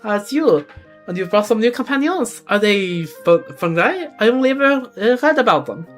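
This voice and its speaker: A woman voicing a gentle, small female fairy-like creature in a game, speaking softly and sweetly. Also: medium pitch, very animated, fast talker, soft background music, pitched above the performer's own voice.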